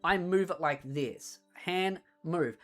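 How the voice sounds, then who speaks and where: A woman streamer in casual chat on a desk mic, retelling things in a rambling, animated way. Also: lowish voice, slow pace, faint music behind.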